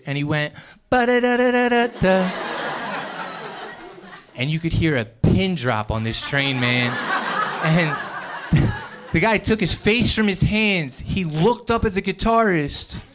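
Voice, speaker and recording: Animated young stand-up comedian. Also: male voice, on the high side. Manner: animated storytelling, acts out voices, loud outbursts. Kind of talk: stand-up set. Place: comedy club stage.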